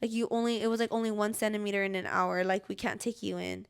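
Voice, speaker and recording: A young adult woman hosts a podcast, recounting a personal story in a fast, smooth, mid-range voice with fairly even intonation and vocal fry. Her casual chat rambles, every phrase stuffed with "like," and she acts out her own past cries and pleas.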